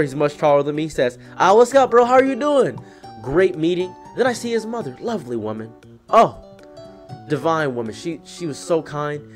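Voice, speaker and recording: Animated young man telling a deadpan tale. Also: fairly high pitch. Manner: deadpan, mock-dramatic, wry. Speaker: storyteller, channel host. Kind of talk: comedic storytime.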